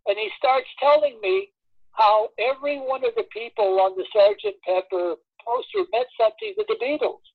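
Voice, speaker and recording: A man's voice: high-pitched, moderate pace, gravelly, no echo. A man casually telling anecdotes about his years as a record promotion man, acting out the voices of people in his stories. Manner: animated storyteller acting out quoted voices. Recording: dull lo-fi dry recording.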